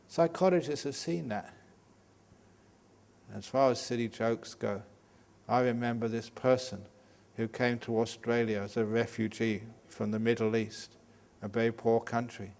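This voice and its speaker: Older monk giving a joking Dhamma talk. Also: male voice, medium pitch, measured pace, vocal fry. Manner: humorous, lively, joking teaching style. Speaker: Buddhist monk and meditation teacher. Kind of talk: Dhamma talk at a day retreat.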